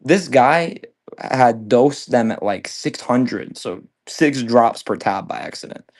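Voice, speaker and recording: A man's voice: mid-range voice, lively intonation, takes it slowly. A man selling on a live stream, telling a long story in a laid-back, rambling way full of swearing and fillers. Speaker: livestream seller. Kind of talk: casual storytelling chat.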